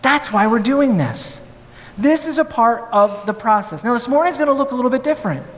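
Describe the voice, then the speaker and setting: Animated high-voiced male preacher in a hall. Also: a little fast. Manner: animated, playful, with laughs. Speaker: pastor. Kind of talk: storytelling sermon.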